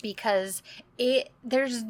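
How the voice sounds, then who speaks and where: A woman's voice: fairly high pitch, slow, crowd noise. A woman co-hosting a casual podcast chat, reacting with amused, practical asides and frequent laughter. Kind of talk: casual chat recapping a TV episode.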